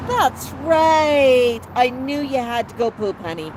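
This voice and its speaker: A woman's voice: high voice, expressive, slow. A woman hosting a casual livestream with her pet bird, cooing baby talk to it and chatting with viewers. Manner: coos baby talk to the bird and reads out chat comments. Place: outdoor patio. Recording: outdoor traffic noise. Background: passing cars.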